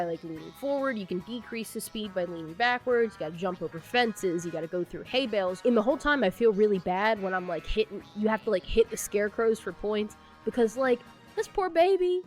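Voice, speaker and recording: A woman telling stories in casual commentary, crude and joking in an animated way. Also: a little high. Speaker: YouTube commentator.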